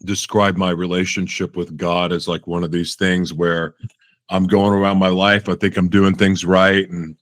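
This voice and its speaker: A man's voice: deep voice, little pitch movement, moderate pace, no echo. A man hosting a podcast interview, chatting casually, laughing often and acting out his own reactions in a self-deprecating way. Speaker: podcast host.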